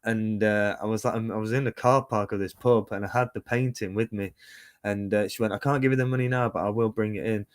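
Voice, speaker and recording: A man's voice: lowish voice, steady tone, a little fast, smooth, no room sound, studio quality. A man in his thirties, a musician and painter, talking casually in an interview over a video call, rambling with many fillers and restarts. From United Kingdom. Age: 30s.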